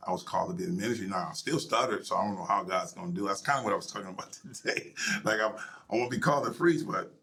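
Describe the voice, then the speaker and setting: A middle-aged male pastor telling his personal story in an interview, emotional and halting, sometimes dropping to a near whisper. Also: low-pitched, creaky, bright, forceful tone. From United States.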